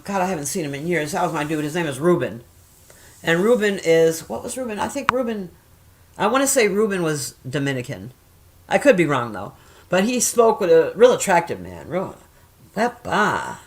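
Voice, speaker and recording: A middle-aged woman chatting casually and telling stories, swearing often and jumping loud when she acts out quoted voices. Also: on the low side. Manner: profane, animated, acts out quoted voices loudly. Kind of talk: casual storytelling chat.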